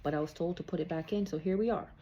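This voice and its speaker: Woman, psychic card reader, low voice, casual chatty delivery, keeps saying okay. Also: quick pace, dark tone, muffled recording, slight background noise. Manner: chatty, repeats "okay?" often. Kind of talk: casual spiritual card reading.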